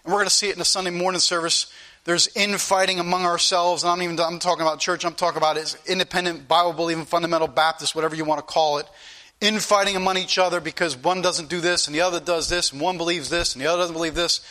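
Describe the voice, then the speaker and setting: A man's voice: a little high, fairly even intonation, quick pace, pushed and bright. A male pastor preaching an earnest, repetitive sermon that rises into pleading questions to his congregation.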